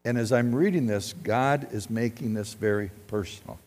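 A man preaching a sermon as pastor, swinging from loud exhortation to quiet personal storytelling. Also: on the low side, moderate pace. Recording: long reverb with faint music.

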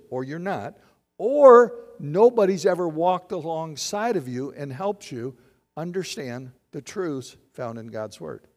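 Pastor, male, high voice, slow sermon delivery, church with long reverb. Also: a little mellow. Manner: preaching with questions to the congregation. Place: church sanctuary.

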